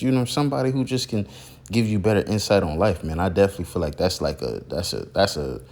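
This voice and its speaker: Man, lower voice, casual storytelling, rambling, lots of fillers and restarts. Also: darkish tone. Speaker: content creator recalling a mentor.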